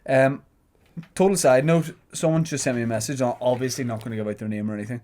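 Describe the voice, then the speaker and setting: A man's voice: medium pitch, quick pace, a little mellow. A man, co-hosting a podcast with dry, teasing asides. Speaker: podcast co-host. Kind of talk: casual banter.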